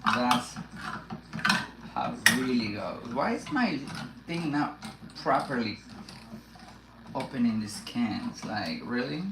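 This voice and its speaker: A woman's voice: a bass voice, slow, pauses often, very noisy. Chatty woman cooking in an echoey kitchen. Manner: chatty, talks to herself while cooking, rambling restarts. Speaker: cooking livestream host. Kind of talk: casual live cooking chat. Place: home kitchen. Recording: echoey kitchen with loud pan and dish clatter.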